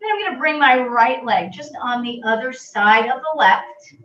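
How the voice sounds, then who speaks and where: A woman fitness instructor calmly guiding a stretching class with gentle, reassuring cues. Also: fairly high pitch, moderate pace. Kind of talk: guided exercise instruction. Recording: roomy, distant, dull audio.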